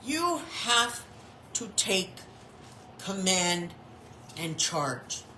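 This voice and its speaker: A woman in her fifties preaching a sermon as a chaplain, talking in an animated way and acting out the people she quotes. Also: mid-range voice, drawn-out words, a little hiss or hum, low-quality recording. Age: 50s.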